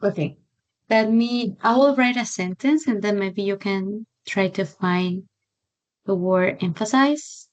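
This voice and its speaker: A woman's voice: medium pitch, slow pace. A woman teaching English on a video call, patient and encouraging as she models which word to stress. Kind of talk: online English lesson. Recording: muffled lo-fi audio.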